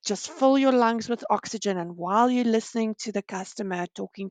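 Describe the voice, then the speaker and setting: A woman's voice: mid-range voice, normal speed, dry recording. A woman giving an upbeat instructional talk as a customer care trainer, in a coaching tone. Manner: upbeat coaching tone, frequent "all right". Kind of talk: instructional direct-to-camera talk.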